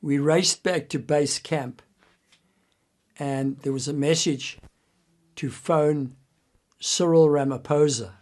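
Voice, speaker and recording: Older male storyteller, slightly raised pitch, earnest, drops to a hush for drama. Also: fairly even intonation, takes it slowly, pauses often. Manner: earnest, quotes others in his own voice, voice drops low and quiet at tense moments. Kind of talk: personal anecdote.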